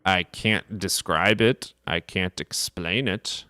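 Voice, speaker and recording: A man streamer in casual livestream chat, reading and answering chat questions in a rapid, profane, offhand way. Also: low-pitched, sharp tone, clean tone, no room sound, studio quality.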